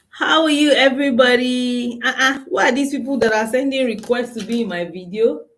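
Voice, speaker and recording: A woman's voice: fairly high pitch, fairly quick, a bit bright, rough recording. Nigerian lady coach chatting on a phone livestream, laughs a lot, calls out viewers. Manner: chatty, laughing often, greeting viewers by name. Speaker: mind and strategy coach hosting a live stream. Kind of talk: casual live-stream chat.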